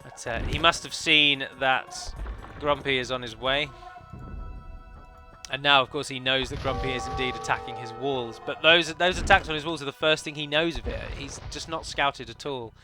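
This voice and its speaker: A man's voice: mid-range voice, steady tone, normal speed, music in the background. A man commentating on his own multiplayer strategy match, chatty and analytical, often correcting himself mid-sentence. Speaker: let's play commentator. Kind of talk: game commentary.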